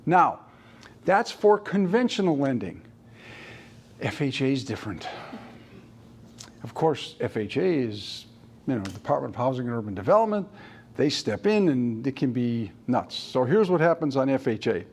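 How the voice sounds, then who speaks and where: A man's voice: medium pitch, very animated, normal speed, pauses often, breathy edge. A man who is a mortgage lender, giving a training talk and telling stories with acted-out dialogue.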